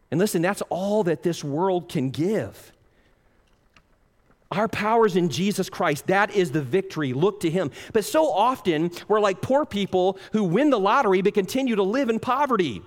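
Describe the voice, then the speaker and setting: Guy preaching hard, high voice jumping all over, big echoey church hall. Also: expressive, moderate pace. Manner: impassioned, swings from loud pleading to hushed. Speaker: pastor. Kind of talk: sermon.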